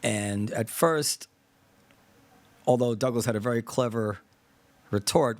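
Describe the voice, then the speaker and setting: A podcast host with a medium-pitched voice talks through a debate in casual discussion, thinking aloud with fillers, digressing, and animatedly acting out imagined exchanges. He speaks at a measured pace with long pauses, and the recording is dry.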